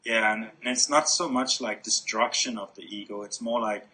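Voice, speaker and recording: Bright-voiced man musing on awareness. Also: fairly low pitch, poor audio. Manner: reflective, halting with many restarts. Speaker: guest. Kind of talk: spiritual conversation.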